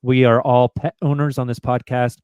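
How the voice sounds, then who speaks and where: A man's voice: medium pitch, flat delivery, moderate pace, a little mellow, clear, resonant tone, no room sound. A man hosting a sports podcast, chatting casually, joking and reading sponsor spots. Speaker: podcast host. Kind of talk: casual chat.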